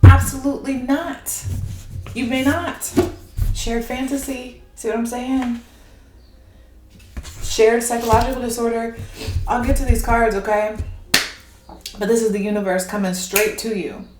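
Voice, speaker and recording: Woman reading tarot, fired up and rambly, voice a bit high, roomy echo, faint hiss behind. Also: a little slow, pauses often, soft background music. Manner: animated, excitable, rambling, laughs often. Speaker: tarot reader. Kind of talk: casual spiritual monologue. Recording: echoey room with faint noise.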